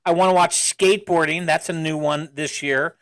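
A man hosting a casual chat, enthusiastic and halting, with many fillers and restarts. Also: a little high, fairly even intonation, a crowd in the background, rough recording. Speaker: show host.

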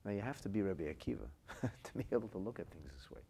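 Gravelly low-voiced man teaching Torah. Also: fast talker. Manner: expressive storyteller, voice swings from quiet to loud; weaves in Hebrew and Aramaic phrases. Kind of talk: podcast Torah lecture.

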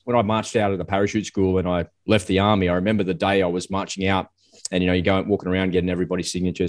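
A man, an army veteran, chatting casually as a lively storyteller. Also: low voice. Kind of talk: casual conversation.

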